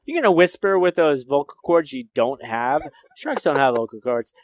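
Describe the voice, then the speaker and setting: A man in a playful debate, boasting and taunting his opponent in an animated way. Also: a little high, normal speed, no room sound. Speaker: debate contestant. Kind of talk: playful trash-talk debate.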